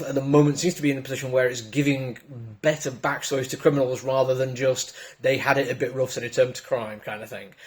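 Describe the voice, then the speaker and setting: A man's voice: medium pitch, darkish tone. A man with a southern English accent giving a casual, enthusiastic comic book review full of chatty asides. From Britain.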